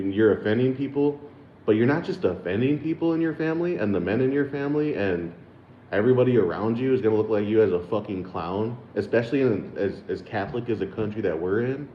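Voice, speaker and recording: A man in his thirties from the United States rambles through a casual chat with his viewers, swearing freely and laughing often. His voice sits fairly low. The sound is roomy and a little dull, with a faint background hiss. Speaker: channel host.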